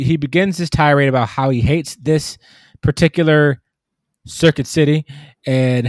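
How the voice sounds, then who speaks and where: Man, casual storyteller, slightly high voice, dry room. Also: dry recording. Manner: animated storytelling, mimics customers. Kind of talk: casual chat.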